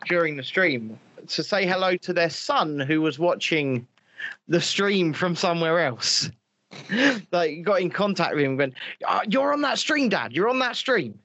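A man hosting a live stream, his pitch on the high side and swinging up and down as he chats and swears freely. The sound is dry and a little dull, with no room around it. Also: no echo. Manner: swears freely, animated and chatty. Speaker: live streamer reading chat. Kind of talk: casual live stream chat.

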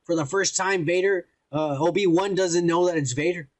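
A man's voice: high-pitched, normal speed. A man co-hosting a podcast in casual, profane chat, rambling and teasing with lots of filler. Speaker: podcast co-host.

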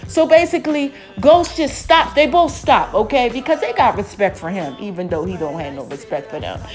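A woman podcast host giving an excitable, casual recap of a TV episode, talking straight to her listeners. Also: mid-range voice, moderate pace, soft background music. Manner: excitable storytelling, addresses listeners as y'all.

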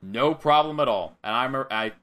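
Bright-voiced man recapping a match. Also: medium pitch, fast talker, clear, resonant tone. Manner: rambling play-by-play recap with acted-out quotes. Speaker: wrestling podcast co-host. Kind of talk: casual podcast chat.

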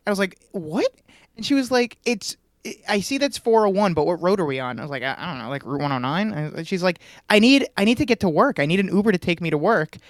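A man's voice: high-pitched, lively intonation, fast talker, no echo, studio quality. A young man in his twenties, a podcast co-host, telling a story in casual chat and laughing often as he goes.

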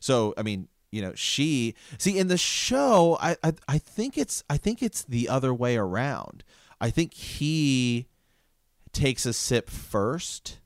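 A man's voice: mid-range voice, sing-song, takes it slowly, dry recording, clean studio sound. A man in casual conversation about a book, reading passages aloud and reacting with enthusiasm. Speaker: podcast co-host discussing a book.

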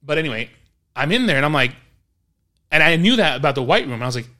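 Male podcast co-host, 30s, quick bright delivery, animated storyteller. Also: on the high side. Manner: animated storyteller, acts out his own past reactions. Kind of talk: casual storytelling chat.

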